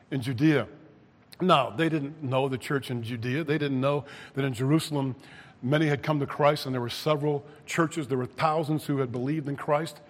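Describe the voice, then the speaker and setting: A man's voice: mid-range voice, fairly even intonation, moderate pace, long reverb tail. A man preaching a sermon, reading scripture and rising to emphatic peaks. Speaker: pastor.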